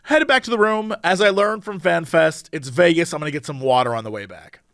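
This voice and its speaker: A man's voice: fairly high pitch, brisk, creaky, no echo, clean studio sound. A man co-hosting a podcast, telling stories in casual chat with lots of laughter. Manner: animated, laughing storyteller. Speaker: podcast co-host.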